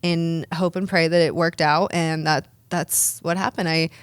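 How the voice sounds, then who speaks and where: With a low, smooth voice and fairly even intonation, a woman in her thirties answers an interviewer without hurrying. She's a pro wrestler and dentist, and her casual replies are chatty, upbeat stories with plenty of restarts. The sound is studio quality, with no room sound.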